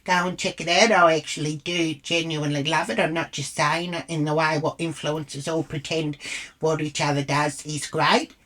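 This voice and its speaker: A woman's voice: deep voice, steady tone, moderate pace, a bit bright. An Australian woman vlogger telling a rambling storytime anecdote, blunt and full of swearing. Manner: crude, rambling storyteller who swears freely. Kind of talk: storytime monologue.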